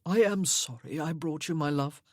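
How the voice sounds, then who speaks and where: A meek gentleman who stammers through his words, voiced by a woman reading a storybook. The speech halts and restarts, with a faint husk. The recording is dry and close. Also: deep voice, moderate pace, no echo.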